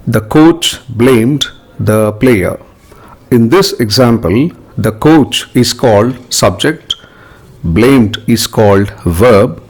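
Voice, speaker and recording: A man's voice: mid-range voice, breathy edge. A middle-aged man with an Indian English accent, teaching an English grammar lesson and carefully reading out example sentences one by one. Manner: deliberate, explaining point by point, reading out example sentences.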